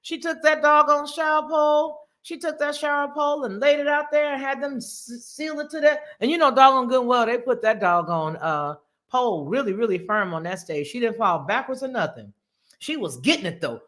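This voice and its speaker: A woman's voice: sits high, brisk, fairly bright tone. A woman hosting a casual live stream, playful and laughing often as she exclaims. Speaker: host.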